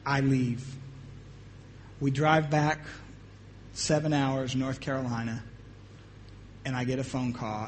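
A pastor from the United States telling a personal story in a sermon. He acts out the dialogue and often drops to a hushed voice. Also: medium pitch, level tone, slow, pauses often, a little hiss or hum.

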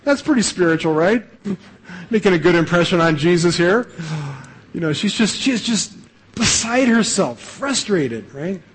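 A man's voice: high voice, expressive, measured pace, slight background noise, rough recording. A male pastor giving a sermon in a conversational way, often ending phrases with "right?" and restarting sentences. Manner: conversational preaching, frequent "right?" tags and repeated starts.

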